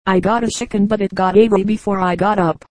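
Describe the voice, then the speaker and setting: A woman doing a wry deadpan joke teller. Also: medium pitch, a little fast, no echo, natural voice.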